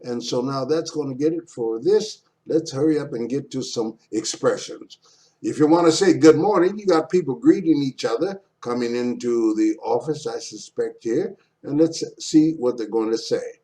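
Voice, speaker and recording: A man's voice: mid-range voice, moderate pace, warm tone. A man teaching an introductory Japanese lesson in a casual, playful way, repeating words aloud for his students. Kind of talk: casual online language lesson.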